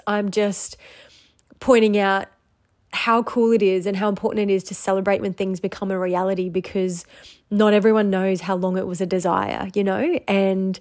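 A woman's voice: mid-range voice, flat delivery, moderate pace, a little mellow. Candid, emotional young woman podcaster. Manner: candid and emotional, with frequent laughs and fillers. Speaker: podcast host and business owner. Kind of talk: personal solo podcast monologue.

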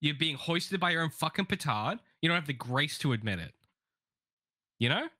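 A man on a casual podcast tells a story with a bright, lively voice that swoops up and down as he acts out the people in it. He swears freely and talks into a close, dry mic. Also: on the high side, normal speed, dry recording. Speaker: podcast co-host. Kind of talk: casual advice-podcast chat.

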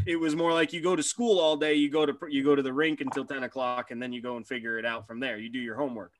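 A man co-hosting a podcast and telling animated, profane stories about his hockey days. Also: medium pitch, quick pace, a little hiss or hum. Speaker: podcast co-host, former hockey player. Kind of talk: casual podcast chat.

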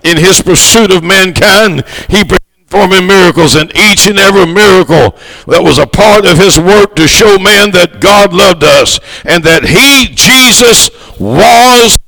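A missionary preacher from the United States delivers a fervent sermon. He swells to shouts and draws out key words. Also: high-pitched, a little slow, creaky, poor audio.

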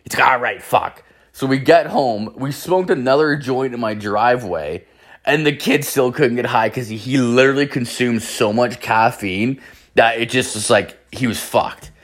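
A man's voice: mid-range voice, normal speed. A young man telling a casual story, rambling and profane, full of fillers.

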